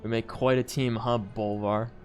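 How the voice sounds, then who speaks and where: A man's voice: medium pitch, flat delivery, normal speed, a little mellow, faint music behind. A man streaming a game, chatting casually and joking about what he sees. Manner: playful, joking, reacts to the game. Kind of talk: casual gameplay commentary.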